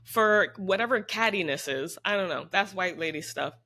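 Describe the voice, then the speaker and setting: Woman podcast cohost, chatty and animated, voice right in the middle. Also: normal speed. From United States. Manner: animated, acts out quoted voices with big pitch jumps. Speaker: podcast co-host. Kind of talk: casual chat.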